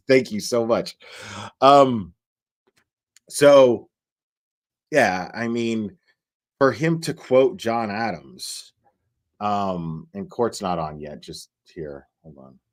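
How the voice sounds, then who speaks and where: A man hosting a live commentary stream, talking in a halting way with many fillers and restarts as he reads viewer messages. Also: fairly low pitch. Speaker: livestream host.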